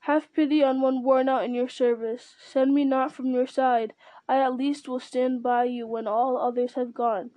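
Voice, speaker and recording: Wheedling, fawning male counselor, read by a woman, pitched a touch high, dry sound. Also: little pitch movement, moderate pace, mellow, dry recording, natural voice, rough recording. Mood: pleading. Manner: wheedling, whining.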